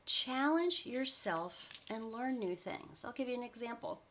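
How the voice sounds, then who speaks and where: A woman's voice: fairly high pitch, lively intonation, measured pace, a bit bright, a little hiss or hum. A woman in her forties, a life coach giving upbeat, encouraging advice in a chatty vlog with frequent laughs. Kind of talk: motivational vlog talk.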